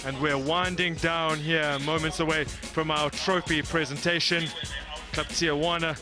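Male sports presenter, upbeat and smooth, somewhat higher register. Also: level tone, unhurried, over music. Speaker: sports broadcaster. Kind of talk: sports commentary.

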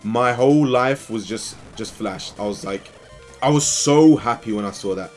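A young man telling a rambling, animated story while playing a video game. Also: medium pitch, faint music behind. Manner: rambling and animated, quick bursts of excitement. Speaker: gaming channel host. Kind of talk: casual let's play storytelling.

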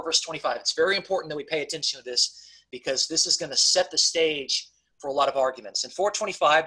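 A man's voice: fairly high pitch, sharp tone, husky, low-quality recording. A man teaching a Bible study, talking conversationally and checking in with his class often. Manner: conversational, repeatedly checks in with "okay?"; emphatic on key points, frequent restarts.

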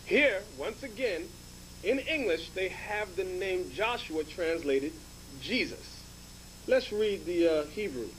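A high-pitched man leads a Bible lesson as bishop, explaining each passage step by step. He keeps returning to his point and cues a reader with short commands. A faint hum sits under the recording. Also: animated, slow pace, fairly bright tone, poor audio. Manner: explanatory, repeats points, prompts "read". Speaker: bishop teaching scripture.

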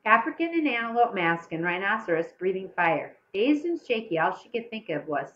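A woman narrates a children's story with a lively, rising and falling pitch. She shifts her voice for the young characters as she reads. The recording sounds muffled and lo-fi. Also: moderate pace, few pauses. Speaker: audiobook reader.

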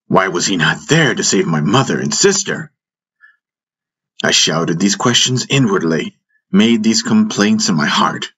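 A man narrating an audiobook in the first person, in a measured, solemn way. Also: deep voice, animated, a bit bright, breathy edge.

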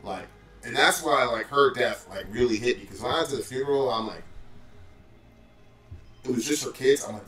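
Once a call center supervisor, this man relates a story loosely and casually, peppering it with "like," "bro," and other fillers. He has a mid-range, fairly bright voice, a moderate pace, and frequent pauses, and the recording is roomy and distant with faint music behind him.

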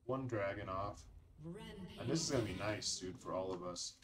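A man's voice: fairly low pitch, moderate pace, crowd noise. A man from Colorado giving casual, laid-back commentary over his own gameplay, calling people "dude" and "bro" as a channel host. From Colorado, United States.

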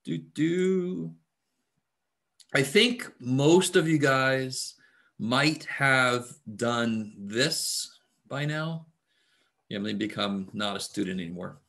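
Casual male math instructor on a video call, mid-pitched, easygoing and filler-heavy. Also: slow pace, creaky. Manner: relaxed, chatty, many fillers. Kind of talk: casual online class talk. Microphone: computer mic on video call.

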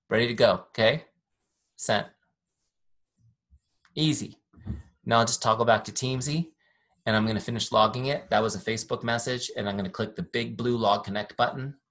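A young man leading a live online software training from his home office, upbeat and chatty with self-deprecating jokes, speaking into a desk microphone. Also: mid-range voice, moderate pace, pauses often.

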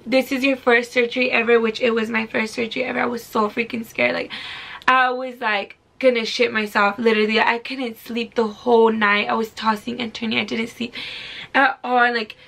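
A woman's voice: a little high, level tone, moderate pace, creaky, fairly bright tone. A young woman in her twenties from California, telling a story casually to camera in a chatty, filler-heavy way, swearing freely. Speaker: beauty vlogger.

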